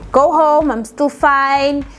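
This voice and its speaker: A young South African woman telling a personal story in a chatty, animated way and acting out the voices she quotes. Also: high-pitched, slow pace, faint music behind. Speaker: vlogger. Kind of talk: casual storytelling.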